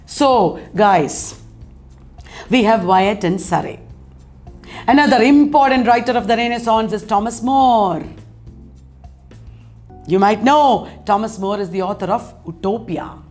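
A woman's voice: medium pitch, measured pace, long pauses, a little mellow, faint music behind. A woman teaching an exam-prep literature lecture, speaking in an emphatic way and repeating key terms.

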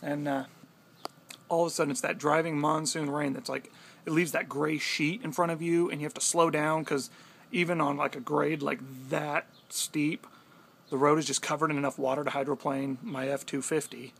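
A young man casually telling a story to the camera, animated and swearing freely. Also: a little high, moderate pace, creaky, breathy edge. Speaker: vlogger.

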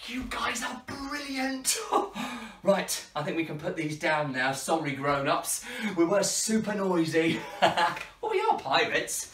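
A woman's voice: animated, unhurried, fairly bright tone. Playful woman entertaining children. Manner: playful, high-energy, frequent laughter. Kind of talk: lively children's show patter. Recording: echoey room, distant mic, faint music.

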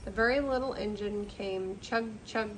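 An older woman reading a picture book aloud at home in a gentle, expressive storytelling manner. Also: mid-range voice, moderate pace, a little hiss or hum, rough recording. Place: seated in a chair at home.

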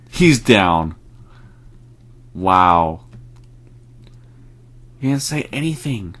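A man's voice: fairly low pitch, animated, unhurried, pauses often, a bit bright, breathy edge, low-quality recording. A young man casually commentating a shooter game, joking crudely and reacting aloud to what happens on screen. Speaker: gaming channel host. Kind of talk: casual let's play commentary.

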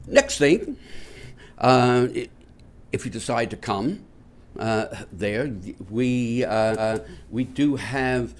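A man hosting a talk show, speaking to viewers in a halting, unscripted monologue full of fillers with wry, sardonic asides. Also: mid-range voice, lively intonation. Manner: halting, many fillers and restarts. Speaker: host of a nonbeliever talk show.

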